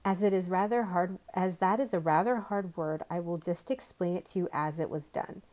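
A woman's voice: on the low side, normal speed, darkish tone, lightly acted. A woman reading the part of a nervous, fidgeting male hatter on trial, speaking with a stammer and a trembling voice.

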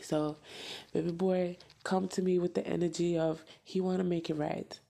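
Gravelly-voiced woman venting bluntly. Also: on the low side, level tone, moderate pace, dark tone. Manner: blunt, profane, emphatic repetition. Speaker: podcast host. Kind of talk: casual venting monologue.

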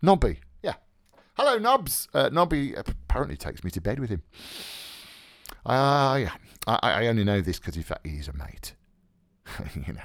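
A man's voice: fairly low pitch, very animated, moderate pace, creaky, fairly bright tone, no echo, studio quality. A man hosting a literary radio podcast, chatting casually in a rambling, jokey way full of fillers. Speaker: podcast host.

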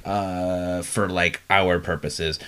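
A man co-hosting a podcast in casual, rambling chat, laughing often and filling pauses with "um". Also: deep voice, clean tone. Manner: animated, laughing, rambling with fillers. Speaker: podcast co-host.

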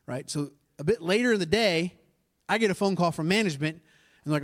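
Man, pastor, fairly high voice, conversational sermon storytelling, animated asides to the congregation. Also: brisk.

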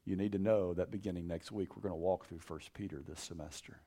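A man preaches to students in a loose, conversational way. He is animated, then drops to a quiet, intense hush to drive a point home. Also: deep voice, quick pace. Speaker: campus preacher. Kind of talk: casual sermon.

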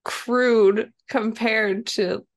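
A woman co-hosting a casual book podcast, chatty and quick to laugh. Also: fairly high pitch, steady tone. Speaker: podcast co-host. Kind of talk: casual book-club chat.

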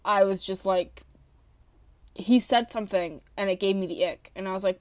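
A woman's voice: expressive, moderate pace, smooth, dry recording. Blunt, profane woman ranting. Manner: blunt, profane, rambling, swings between loud outbursts and low mutters. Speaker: podcast host. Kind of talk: casual solo podcast rant.

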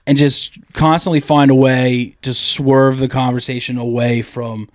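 A man's voice: mid-range voice, flat delivery, unhurried, no room sound, studio quality. A man co-hosting a podcast in crude, rambling comedic banter, swearing and laughing often. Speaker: podcast co-host.

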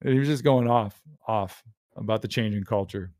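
A man's voice: lowish voice, normal speed, a little mellow, no echo, clean studio sound. A young man from New hosting a casual podcast, talking in a rambling, crude way. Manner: rambling, crude, imitates people he quotes. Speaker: podcast host.

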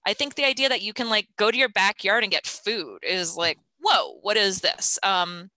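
A woman in her thirties chatting casually in an interview, laughing often and filling pauses with ums. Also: mid-range voice, expressive, sharp tone, dry recording, poor audio. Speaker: interviewee, gardening parent.

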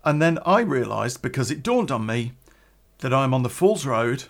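Gravelly British man telling a profane anecdote. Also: mid-range voice, moderate pace. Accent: British English. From Britain. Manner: profane, animated, with many fillers and restarts. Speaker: storyteller. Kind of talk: personal anecdote told casually.

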